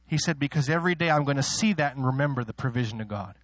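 A man preaching a sermon, emotional in delivery, moving between soft personal asides and loud, soaring declarations, with self-deprecating laughs. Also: rapid-fire, no echo. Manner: emotional, swings from soft asides to loud high-pitched exclaiming; laughs at himself between points.

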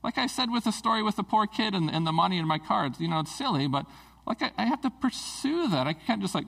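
Male preacher, slightly high voice with some fry, conversational and earnest sermon delivery. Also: animated, fast talker, a bit bright, low-quality recording. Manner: casual, earnest, with fillers and restarts.

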